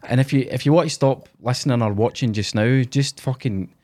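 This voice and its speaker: A man's voice: mid-range voice, a little fast, a little mellow. A Scottish man hosting a casual podcast chat, blunt and sweary. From Scotland. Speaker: podcast host.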